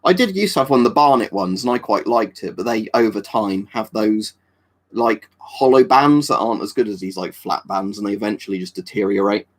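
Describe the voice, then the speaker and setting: Speaking fairly quickly in a lowish voice, an English livestreamer chats and responds to viewers' comments. He's offhand and rambling, with plenty of fillers and restarts.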